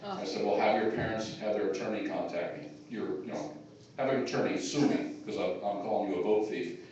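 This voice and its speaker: Low-voiced and a little fast, with a darkish tone, the chairman of a taxpayers' group gives a casual, wandering speech heavy with fillers. An audience phone captured it from afar in an echoey hall, giving lo-fi sound with a little hiss or hum.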